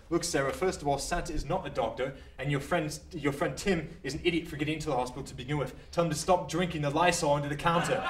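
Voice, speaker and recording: A man's voice: fairly high pitch, fast, hardly any pauses, distant mic, crowd noise. Smarmy young man hosting a comedy show.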